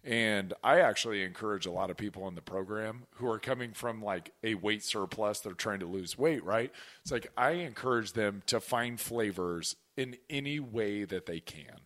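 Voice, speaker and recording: A man hosting a podcast in casual chat, talking in an animated, rambling way and swearing casually. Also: on the low side, normal speed. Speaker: podcast host.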